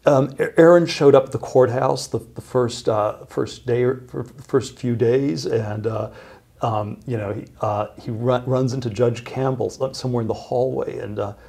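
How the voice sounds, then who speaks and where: A middle-aged man telling a long story as an interview guest, halting, with many fillers and restarts. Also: mid-range voice, fairly even intonation, creaky, a little mellow, slightly rough.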